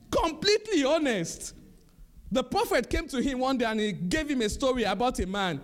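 High-voiced, lively preaching man. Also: a little slow, pauses often. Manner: animated preaching with chuckles and repetition. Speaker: pastor. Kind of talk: sermon.

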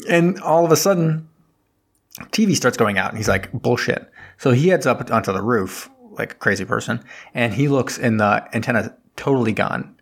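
A man's voice: lowish voice, expressive, fairly quick, vocal fry, fairly bright tone, breathy edge. A man on a podcast retelling a film's plot in casual chat, rambling along with plenty of fillers and asides.

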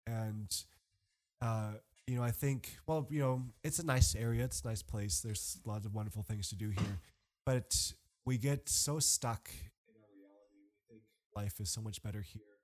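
A man's voice: medium pitch, moderate pace. Chatty young man telling stories. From Canada. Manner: animated storyteller, laughs often, many fillers. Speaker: podcast host. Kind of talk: casual chat.

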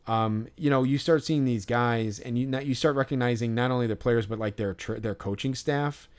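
A man's voice: mid-range voice, normal speed, clear, resonant tone. Man, podcast co-host, casual chat, rambling with fillers, mimics other fans. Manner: rambling, with lots of fillers and restarts.

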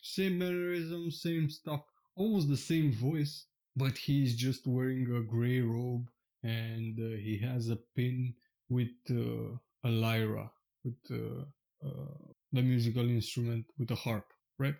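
A man narrating a tabletop game as game master, with many "uh" pauses. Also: mid-range voice, little pitch movement, vocal fry, warm tone, low-quality recording.

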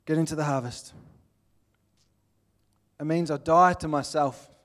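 A man's voice: on the high side, fairly even intonation, measured pace, a bit bright. An Australian man giving an earnest, plainspoken sermon, with little acted-out scenes. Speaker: pastor.

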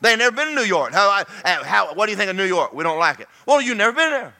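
Preacher guy, high bright voice, swings all over the place, folksy sermon talk. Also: sing-song, very fast. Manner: folksy, repeats himself, preaches in bursts. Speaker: pastor.

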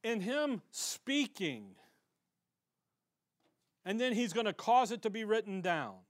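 A man's voice: sits high, sing-song, slow pace. A male pastor preaching a sermon in a conversational way, acting out the voices of the people he quotes.

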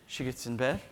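A man in his sixties telling a funny story in a sermon, animated and jokey, acting out voices. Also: on the high side, very noisy. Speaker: pastor.

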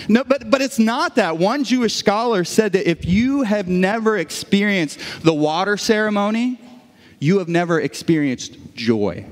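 A man's voice: high-pitched, big-room sound. A man preaching a sermon as pastor in a church auditorium, telling stories with frequent restarts. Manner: animated storytelling with frequent restarts.

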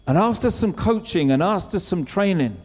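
Pastor man preaching, bit high voice, really lively, big hall echo. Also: moderate pace. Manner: animated storytelling preacher, acts out quotes. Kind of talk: sermon. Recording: long hall reverb.

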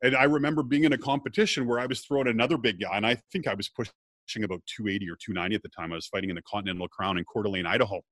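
A man's voice: fairly low pitch, very fast, no echo. A middle-aged man telling a personal story in casual conversation as a guest, acting out what others said along the way. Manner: lively storyteller, acts out quoted dialogue.

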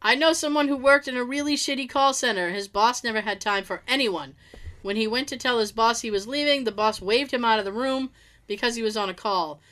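Woman storyteller, high and bright, casual reader who laughs and quips. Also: fairly quick. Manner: laughs often, quips between stories. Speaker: storyteller reading listener stories. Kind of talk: casual story reading with asides.

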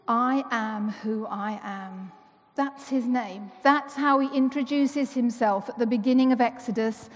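Woman, sermon, slightly high voice, long church reverb. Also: unhurried, few pauses. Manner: chatty and playful, asks rhetorical questions. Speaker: church member giving the talk. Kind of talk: conversational sermon. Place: church with a congregation.

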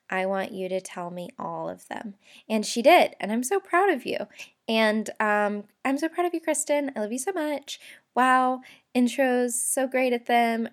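A woman hosting a podcast in casual chat, bubbly and gushing with lots of fillers, recording in a bathroom under a blanket. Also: mid-range voice. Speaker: podcast host. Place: bathroom, blanket over her head.

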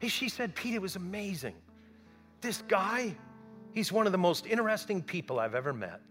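A man recounting a story in a high, animated voice. His pitch swings widely as he plays out the people in it, rising and dropping for effect. He speaks as a storyteller addressing a listening audience. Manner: animated, acts out the people he quotes. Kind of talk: storytelling talk.

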